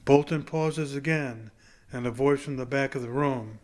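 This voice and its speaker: A man narrates a novel chapter aloud in a plain, unhurried delivery. His voice sits at an ordinary middle pitch. He reads the scene straight, without putting on any show. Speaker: audiobook reader.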